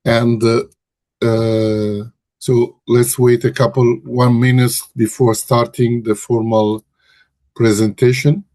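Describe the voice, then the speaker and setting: Slow, hesitant man. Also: medium pitch, flat delivery, warm tone, no echo. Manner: hesitant, frequent restarts and self-corrections. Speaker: webinar host and research director. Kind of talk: presenting a webinar. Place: office in Brussels.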